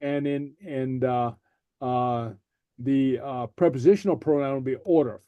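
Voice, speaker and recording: A man teaching a language class, pausing often with fillers and repeating each word for his students. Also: mid-range voice, clear, resonant tone, dry recording, phone-quality sound. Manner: halting, many fillers, repeats words for students.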